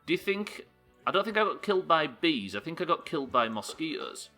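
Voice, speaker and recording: A man's voice: fairly high pitch, big pitch swings, a little fast, bright, forceful tone, faint music behind. Sweary man streaming a game. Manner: sweary, joking, thinking aloud. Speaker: live streamer. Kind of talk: casual gameplay commentary.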